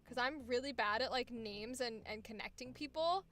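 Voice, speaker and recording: Faint background music runs beneath this live stream, where a woman voice actor coaches and chats in a relaxed way, cursing freely and laughing often. She talks at a normal speed in a fairly bright voice on the high side.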